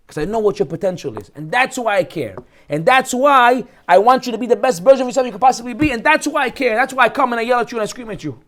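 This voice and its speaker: A man teaching a Torah class as a rabbi, speaking emphatically and acting out the people he quotes. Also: very high-pitched. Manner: animated, emphatic, acts out quoted voices.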